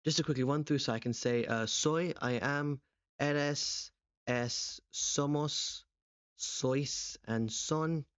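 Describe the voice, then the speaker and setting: A young man teaching a language revision lesson, explaining step by step and putting quick questions to the viewer. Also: on the high side, a bit bright, clear, resonant tone, no room sound. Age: young adult. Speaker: language tutor. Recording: dull, slightly lo-fi close recording.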